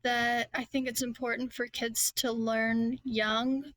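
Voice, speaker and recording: A woman guest on a podcast, talking earnestly and quickly in casual chat, with small laughs between thoughts. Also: a little high, flat delivery, fairly bright tone, no room sound. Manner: quick, earnest, laughs lightly mid-sentence. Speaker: podcast guest, children's book author.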